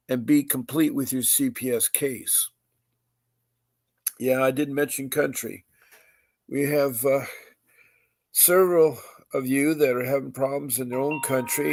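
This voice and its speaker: A man with a mid-range voice hosts a live-streamed podcast, talking through announcements from what sounds like a home office. He speaks haltingly, circles back, and repeats details slowly. The sound is dry and close, with no room echo. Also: mid-range voice, vocal fry. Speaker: podcast host.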